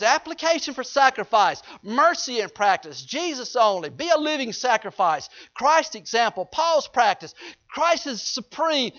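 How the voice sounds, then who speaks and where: A man's voice: very high voice, fairly bright tone. A man preaching a sermon in a folksy way, joking with the congregation. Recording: dull lo-fi recording.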